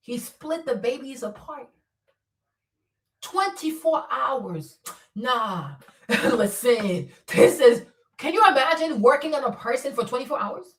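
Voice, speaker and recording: A woman with a high voice gives loose, profane livestream commentary that swings from loud outbursts to low mutters. She sits a little back from the mic, and the room around her is roomy and echoey. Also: lively intonation, takes it slowly, far from the mic. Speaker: livestream host. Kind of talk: casual unscripted commentary. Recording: roomy echo, voice a bit off-mic.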